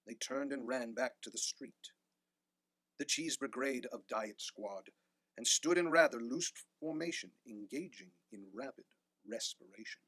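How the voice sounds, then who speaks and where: A man reading a rhyming picture book aloud with animated delivery. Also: mid-range voice, breathy edge, no echo. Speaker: storyteller.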